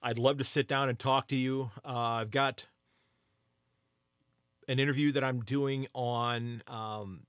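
Chatty American man, bright dry voice. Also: mid-range voice, steady tone, takes it slowly, pauses often, smooth, no echo. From United States. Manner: chatty, addresses listeners as folks, many fillers. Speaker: podcast host and footy tipster. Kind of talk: solo sports podcast commentary.

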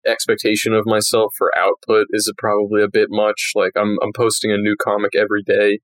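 A man's voice: lowish voice, completely flat delivery, a little fast, dry recording. A man who draws comics, chatting casually as a podcast guest and laughing easily. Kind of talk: casual chat.

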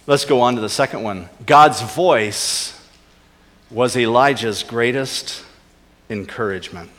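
A man preaching with earnest conviction, pressing his points harder and then falling quiet and low. His mid-pitched voice carries a long reverb tail, as if in a large sanctuary. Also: a little slow. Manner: earnest preaching, rising emphasis, dropping to soft low asides. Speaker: pastor. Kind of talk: sermon.

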